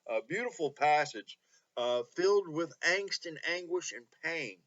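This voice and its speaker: A man's voice: a little high, lively intonation, fairly bright tone. Earnest man teaching scripture, lo-fi. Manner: earnest, unhurried, many "uh" pauses, dramatic scripture reading. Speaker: pastor. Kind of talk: online Bible study teaching.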